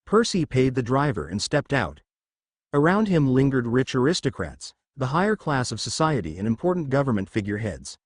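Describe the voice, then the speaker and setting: Male narrator, lively pitch, dry close sound, fan-fiction reading. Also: no echo.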